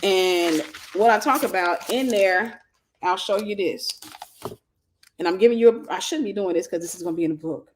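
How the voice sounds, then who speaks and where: Woman, ministry teacher, casual preaching tone, mid-pitched voice, echoey room. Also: moderate pace, a little hiss or hum. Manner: conversational preacher's teaching, thinks aloud and restarts, quotes scripture. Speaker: ministry host and mentor. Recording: roomy echo.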